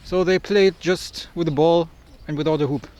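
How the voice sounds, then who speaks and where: A man's voice: fairly high pitch, fairly even intonation, moderate pace, a little mellow. A young man from Germany chatting casually as a travel vlogger while walking around, joking and exclaiming at what he sees. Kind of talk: casual walking vlog narration. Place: outdoors in a city park. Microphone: action camera mic.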